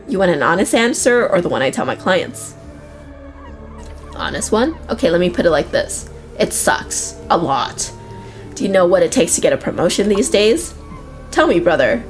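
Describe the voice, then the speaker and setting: A woman's voice: lowish voice, big pitch swings, normal speed, faint music behind. A woman voicing a tiny, smug red male devil in a video game, chatty and self-serving, who complains at length. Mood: complaining.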